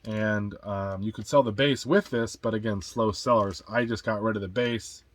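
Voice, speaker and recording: A man's voice: on the low side, fairly even intonation, normal speed, no echo. A man who is a dad co-hosting a reselling vlog, telling rambling stories of how he bought things at sales. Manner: rambling storyteller, acts out quotes. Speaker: co-host and reseller. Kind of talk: casual chat telling buying stories.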